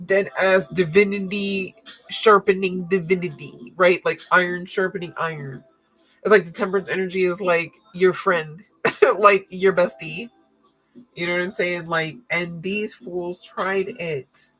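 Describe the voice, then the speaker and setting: A woman with a lowish, slightly bright voice speaks a little slowly in a steady tone, over faint background music on a rough recording. As a tarot reader, she delivers a casual reading that's blunt, profane, and slangy, laughing often.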